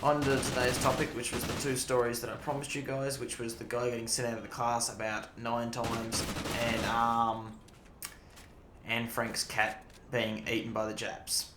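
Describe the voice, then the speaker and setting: A man's voice: medium pitch, flat delivery, normal speed, noisy background. A young man doing casual gameplay commentary, rambling through stories and swearing freely. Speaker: gaming YouTuber. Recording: echoey room, loud game gunfire. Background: loud game audio with gunfire.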